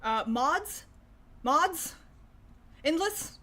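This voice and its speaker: Very slowly, in a high-pitched, animated voice with a sharp tone, a young woman hosts a laid-back livestream where she reacts to news. Her chat is sarcastic, heavily profane and full of laughter.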